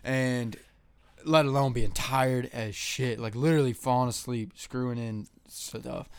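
A man's voice: medium pitch, fairly even intonation, a little slow, smooth, no room sound. A young man co-hosting a podcast in casual chat, rambling and swearing with lots of fillers. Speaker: podcast co-host.

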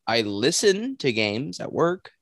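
A man's voice: medium pitch, sing-song, slow pace, a bit bright, dry recording, clean studio sound. A man co-hosting a casual sports podcast, swearing freely and rambling until he loses his thread. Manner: profane, rambling, loses his train of thought. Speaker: podcast co-host.

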